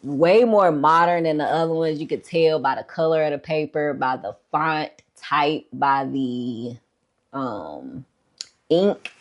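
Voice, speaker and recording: A woman vlogger talks about her books in a low, unhurried voice. She is laid-back and chatty, with plenty of fillers and a casual "y'all", and sounds a little out of breath. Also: expressive. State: a bit out of breath. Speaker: book collection vlogger. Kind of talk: casual show-and-tell chat.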